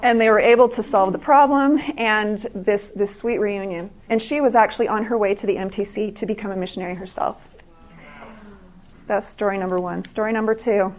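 A woman's voice: mid-range voice, fairly even intonation, brisk. A middle-aged woman giving a speech to an audience, telling stories earnestly and often restarting and repeating words. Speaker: speaker at an evening event.

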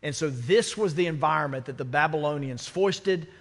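A man's voice: on the high side, normal speed, a bit bright. Preaching man in a reverberant sanctuary. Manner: conversational preaching with rhetorical questions. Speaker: pastor. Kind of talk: sermon. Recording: church sanctuary with long reverb.

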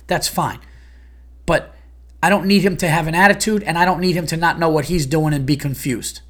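A man's voice: a little high, a bit bright. Heated, profane man ranting. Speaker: podcast host, stand-up comedian. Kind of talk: ranting monologue.

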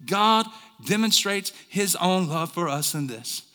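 Male pastor, high bright voice, shouting then hushed, echoing hall. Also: expressive, a little slow, clean tone. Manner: swings from quiet to shouting, call-and-response questions. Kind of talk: sermon. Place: church service.

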